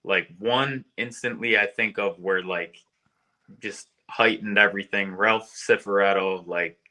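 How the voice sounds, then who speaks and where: A male barber from New York State, guesting on a podcast and chatting in an easygoing, agreeable way. His voice sits fairly low yet sounds very bright and sharp, with a tense edge. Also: steady tone, measured pace, low-quality recording. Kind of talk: casual chat.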